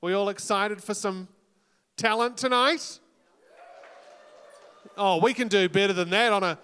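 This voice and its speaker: A man's voice: high-pitched, a little slow, long pauses, sharp tone, clear, resonant tone. A young man from New Zealand with a New Zealand accent, hosting a college talent show with dry, self-mocking jokes and teasing crowd work. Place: college auditorium stage. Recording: reverberant hall on a PA mic.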